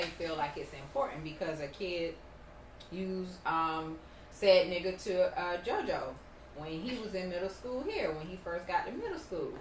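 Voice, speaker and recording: A woman with a fairly low voice co-hosts a casual chat, telling her story with emphasis. She sounds off mic in an echoey room, with faint ambience behind her. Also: recorded from a distance, a little hiss or hum. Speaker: podcast co-host.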